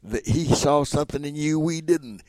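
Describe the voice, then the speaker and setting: A man's voice: on the high side, normal speed, no room sound. An older man, an entertainer, being interviewed and telling anecdotes, acting out the dialogue of the people in his stories. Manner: animated storyteller who acts out quoted dialogue.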